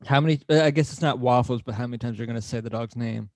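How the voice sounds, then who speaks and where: A young man co-hosting a casual chat, teasing his friends with quick questions and quips. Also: medium pitch, a little mellow, no echo. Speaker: podcast co-host.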